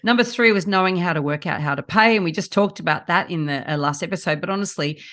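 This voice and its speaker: A woman's voice: on the low side, fast talker, fairly bright tone. A middle-aged woman co-hosting a casual podcast, chatty and emphatic. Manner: chatty, emphatic, acts out clients in quotes. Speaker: podcast co-host.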